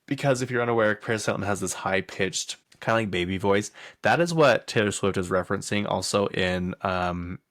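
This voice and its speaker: A man's voice: on the low side, a little fast, few pauses, fairly bright tone, no echo, studio quality. A young man hosting a casual pop culture chat, rambling along with plenty of fillers and laughs. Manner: rambling, chatty, laughs often, lots of fillers. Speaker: pop culture podcast host.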